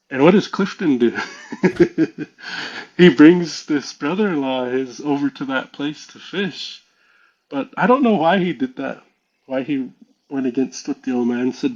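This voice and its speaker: A man's voice: mid-range voice, darkish tone, dull audio. A man, a podcast guest, telling a story in a casual, rambling way, full of "you know"s.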